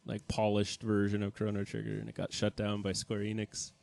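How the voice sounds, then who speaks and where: A man's voice: brisk, gravelly. A young man co-hosting a podcast, chatting casually about video games and laughing often. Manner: chatty, laughs often, jumps up in pitch when excited. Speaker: podcast co-host.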